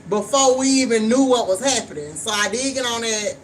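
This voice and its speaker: A woman's voice: fairly high pitch, brisk. A woman chatting frankly to viewers while she cooks in her home kitchen. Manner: chatty, frank, talks straight to viewers, swears casually. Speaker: vlogger. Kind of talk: casual chat while cooking. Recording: distant mic with steady background noise.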